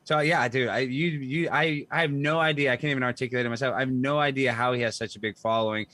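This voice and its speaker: A man's voice: medium pitch, fairly even intonation, fast, pushed and bright, no echo. A man hosting a podcast in casual chat, blunt and rambling. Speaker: podcast host.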